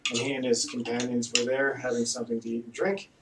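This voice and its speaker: A man's voice: medium pitch, flat delivery, quick pace. A man narrating a tabletop game as game master, in a casual manner with fillers. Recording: echoey room, distant mic, faint noise.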